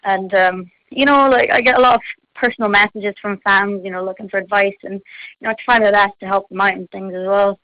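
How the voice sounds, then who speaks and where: A woman's voice: mid-range voice, steady tone, fairly quick, no room sound. Chatty teenage girl on a phone line. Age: teens. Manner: bubbly, chatty, lots of fillers and giggles. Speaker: singer being interviewed. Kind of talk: casual chat. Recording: phone line, dull and dry.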